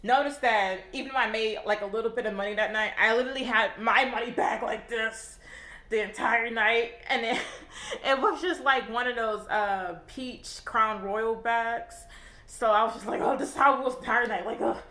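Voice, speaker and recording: A woman's voice: a little high, normal speed, pushed and bright. Young woman rambling a storytime in an echoey room. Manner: rambling, heavy swearing, filler-laden. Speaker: vlogger. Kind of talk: casual storytime.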